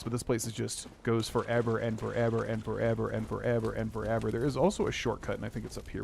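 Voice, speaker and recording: A man's voice: medium pitch, creaky, slight background noise. Chatty male game streamer. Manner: chatty, rambling, lots of "like" and "um". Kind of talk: casual chat while streaming a game.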